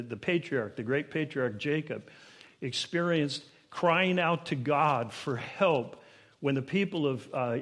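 A man preaching a sermon to his congregation, building to emphatic, higher-pitched peaks and asking them questions directly. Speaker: pastor.

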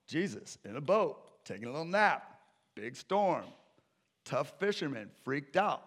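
A male pastor preaching a sermon in a conversational way, moving between loud urgency and quiet intensity. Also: fairly high pitch, big pitch swings, a little slow.

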